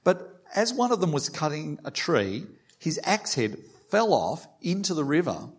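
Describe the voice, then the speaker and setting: A man's voice: a little high, sing-song, unhurried, husky. A man preaching a sermon, reading a passage aloud with small restarts and lightly voicing the quoted lines. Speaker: pastor.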